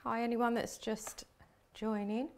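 A woman's voice: a little high, flat delivery, a little slow, a little hiss or hum. A chatty woman leads a live card-making demonstration. She talks easily through each step while her hands keep working. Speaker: craft demonstrator.

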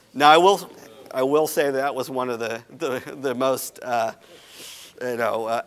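American man, smooth casual lecture. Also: mid-range voice, fairly bright tone. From United States. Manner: casual, conversational, many fillers and restarts. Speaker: historian giving a talk. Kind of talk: lecture at a history symposium. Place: lecture hall.

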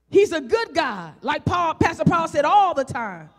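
A woman preacher with a Southern country accent, delivering a fervent sermon full of rhetorical questions, rising to shouts and drawing out scripture as she reads. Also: high-pitched, big pitch swings, unhurried, few pauses. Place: church sanctuary. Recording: echoey church hall.

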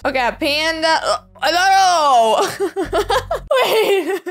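A woman hosting a casual reaction video, excitable and exclamatory, often gasping. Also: very high-pitched, normal speed. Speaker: channel host reacting to images.

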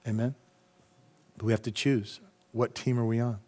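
A middle-aged man preaching a sermon, speaking at an ordinary middle pitch. He talks with fervor and keeps drawing the congregation in with rhetorical questions. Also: little pitch movement, moderate pace, a little mellow. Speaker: pastor.

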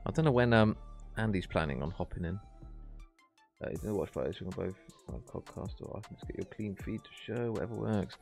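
A man's voice: on the low side, expressive, fairly quick, creaky, a little mellow, faint music behind. A man hosting a live esports stream, casting casually with laid-back, jokey chatter. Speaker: esports caster and stream host. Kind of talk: relaxed live casting and banter.

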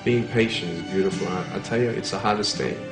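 A man's voice: low-pitched, quick pace, low-quality recording. A young man giving a motivational speech, earnest and emphatic, asking his listeners rhetorical questions. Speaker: motivational speaker. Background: background music.

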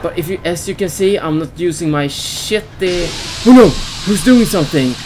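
A man giving let's play commentary on a horror game as a gaming YouTuber. He yells in fright at the game and cracks goofy jokes. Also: sits high, moderate pace, noisy background.

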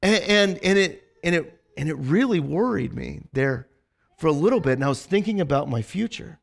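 High-voiced chatty male pastor. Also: lively intonation, moderate pace, vocal fry. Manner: conversational, rambling with many restarts and fillers. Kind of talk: casual sermon. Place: church.

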